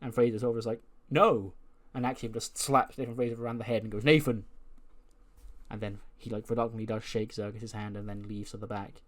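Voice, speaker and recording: A man's voice: fairly low pitch, level tone, fast talker, few pauses. Chatty man narrating a game. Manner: chatty, laughs often. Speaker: gaming video host. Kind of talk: narrating a wrestling management game.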